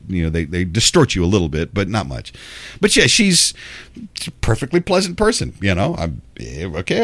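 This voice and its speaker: A man's voice: deep voice, fairly bright tone, no room sound. A man from Memphis hosting a radio show, talking in a casual, meandering monologue with frequent restarts and fillers. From Memphis, Tennessee.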